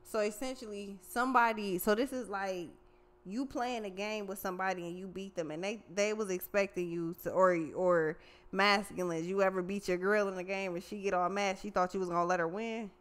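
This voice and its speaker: A woman's voice: medium pitch, fairly even intonation, fairly quick, fairly bright tone, clear, resonant tone. A woman doing a casual tarot reading, profane and slangy, talking animatedly straight to the viewer. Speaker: tarot reader.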